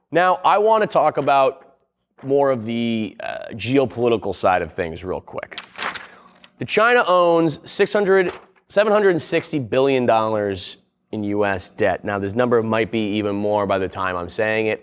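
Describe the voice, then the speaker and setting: A young man with a smooth, medium-pitched voice and measured pace hosts a casual comedic video essay. He rambles, leans on sarcasm, and swears plenty.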